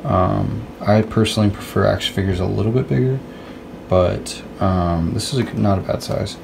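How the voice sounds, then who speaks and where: A man hosting a casual toy review in a hushed early-morning voice, keeping quiet because someone is asleep nearby. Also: lowish voice, moderate pace, gravelly. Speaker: host. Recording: noisy home recording.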